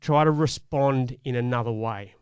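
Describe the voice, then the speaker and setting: A man's voice: mid-range voice, moderate pace, clean tone, dry recording, lo-fi sound. A middle-aged man, a podcast co-host, telling a personal parenting story in an earnest, reflective way. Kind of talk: casual chat.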